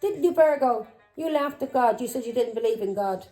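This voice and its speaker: A middle-aged woman runs a tarot reading vlog, her mellow, dark tone clashing with a furious, accusing delivery full of swearing and taunting questions. She's animated, fairly high-pitched and a little fast, with faint music behind her and poor audio.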